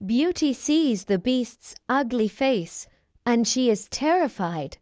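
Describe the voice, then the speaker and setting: Female narrator for a graded reader; clear, deliberate, slightly high. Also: lively intonation, a little mellow, dry recording. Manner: clear, deliberate reading for learners.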